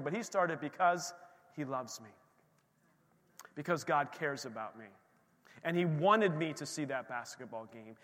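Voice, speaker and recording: Animated pastor telling a story in a church hall. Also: male voice, on the high side. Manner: animated storytelling with acted-out quotes. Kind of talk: sermon. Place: church sanctuary. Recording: long hall reverb in a church.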